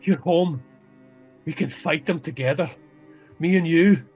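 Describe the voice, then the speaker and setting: A booming, high-pitched old dwarf king in a fantasy tabletop game, bursting with emotion and yelling at full volume. The voice jumps far above a man's normal speaking pitch. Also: measured pace, breathy edge, soft background music. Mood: overjoyed. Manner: shouting with joy.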